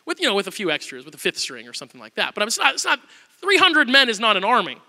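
A male pastor preaching a sermon, telling the story with animated storytelling and acting out the quotes. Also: high voice, fast talker, creaky, long reverb tail.

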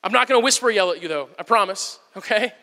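A man in his thirties, a pastor giving an animated, storytelling sermon to his church. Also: high voice, quick pace. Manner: animated storytelling, acts out whisper-yelling. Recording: long hall reverb.

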